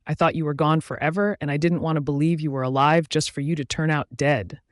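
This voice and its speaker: A man voicing a sweet, tearful young woman with a soft voice in an audiobook. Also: fairly high pitch, fairly even intonation, brisk, dry recording, clean studio sound, close to an everyday voice. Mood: scared. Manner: soft, sobbing.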